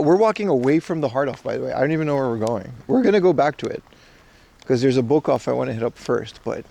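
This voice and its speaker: A man's voice: mid-range voice, a little fast, gravelly, a little mellow. A man in his thirties from the Caribbean, chatting with his viewers as he walks outdoors during a casual livestream. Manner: chatty, rambling, joking with chat. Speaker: IRL livestreamer. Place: outdoors walking through streets. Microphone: camera rig carried while walking.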